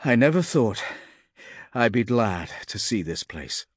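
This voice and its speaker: A man's voice: mid-range voice, big pitch swings, a little slow, husky, no echo, clean studio sound. Guy doing a worn out bitter swordsman, voice pushed up and strained. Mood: weary. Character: bitter young male swordsman, angry, betrayed.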